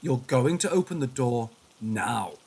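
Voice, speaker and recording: A man's voice: medium pitch, big pitch swings, unhurried, a little mellow, husky, full character voice. A man voicing a taunting menacing helmeted woman. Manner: taunting, foul-mouthed.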